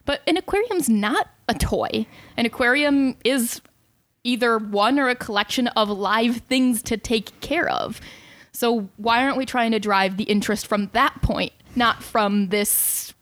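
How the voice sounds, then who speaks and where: A woman's voice: a little high, measured pace, fairly bright tone, dry recording. A woman co-hosting a casual podcast, making wry remarks about pet keeping. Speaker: podcast co-host.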